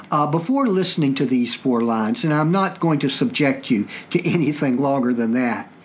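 A man's voice: mid-range voice, slight background noise. Southern-accented man hosting a podcast. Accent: Southern US (Virginia). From Virginia, US. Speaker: podcast host. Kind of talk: explanatory podcast talk.

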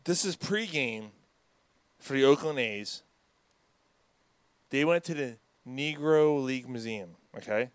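A man hosting a casual sports podcast with friends, laughing often and firing off quick asides. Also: mid-range voice, animated, smooth, no room sound. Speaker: podcast host.

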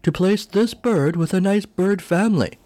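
A man's voice: high-pitched, moderate pace, mellow, pitched above the performer's own voice, lightly acted. A man voicing a regal, haughty female bird official in a stately, imperious manner.

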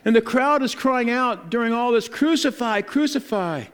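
A male pastor preaching a sermon, retelling scripture in a lively, casual storytelling way and acting out the people in it. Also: very high voice, normal speed, smooth.

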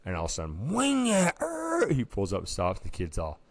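A podcast co-host with a low voice talks quickly in a dry, roomless recording. He tells a story in casual chat, animatedly acting out the quotes and saying "dude" constantly.

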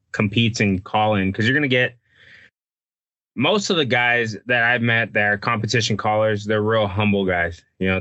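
A man chats on a hunting podcast, stumbling through his sentences and circling back to the same words. His voice is bright and clear, and the recording is dry with no room sound. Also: lowish voice, no room sound, muffled recording. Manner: halting, repeats himself, restarts sentences. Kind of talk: casual chat about duck calling.

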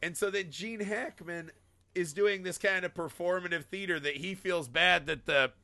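Gravelly bright-voiced man, irreverent. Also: high-pitched, moderate pace, no echo. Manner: irreverent, profane, laughs often. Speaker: podcast co-host. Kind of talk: casual film discussion.

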